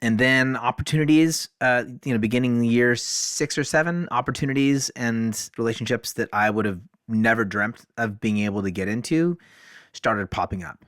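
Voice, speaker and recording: A man, a podcast guest, telling stories in a casual, animated way, often saying "like" and acting out dialogue. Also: mid-range voice, moderate pace, no echo, clean studio sound. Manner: animated, fills speech with "like", acts out dialogue. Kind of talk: casual storytelling.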